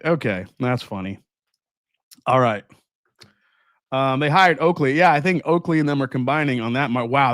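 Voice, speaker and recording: A man's voice: medium pitch, fairly bright tone, dry recording, studio quality. A man hosting a casual whiskey review show, sarcastic and profane, mocking marketing copy.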